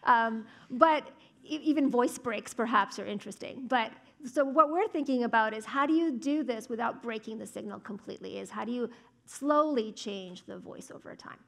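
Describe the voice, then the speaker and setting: A woman's voice: fairly high pitch, normal speed, vocal fry, fairly bright tone. A woman speech scientist giving a lecture and answering audience questions in a thoughtful, explanatory way. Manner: thoughtful, explanatory, frequent "right?" and "um". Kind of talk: academic talk with audience Q&A. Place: lecture hall.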